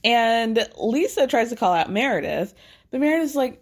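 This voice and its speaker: A woman's voice: a little high, very animated, moderate pace. A woman hosting a podcast, chatting casually through a recap with wry asides and plenty of "like". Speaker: podcast host recapping a TV episode.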